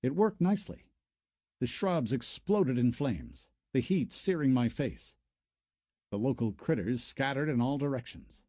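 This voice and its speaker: Expressive male audiobook narrator. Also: mid-range voice, a little slow, no echo, studio quality. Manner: storytelling, expressive. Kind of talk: first-person scripted narration.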